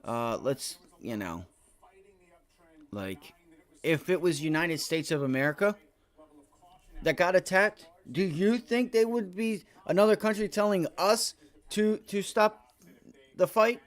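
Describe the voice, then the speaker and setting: His voice sits high and he speaks slowly, leaving long pauses, while narrating his trades live during a stock stream. The livestream day trader is profane, excitable and rambling.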